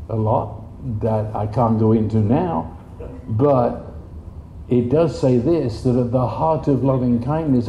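A man preaching a sermon in an animated way, jumping up in pitch for quoted voices. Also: a little hiss or hum. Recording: dull, echoey room.

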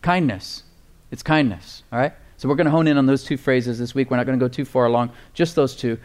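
A man preaching a sermon, slowing down to stress key phrases and calling for responses from the congregation. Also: medium pitch. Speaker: pastor.

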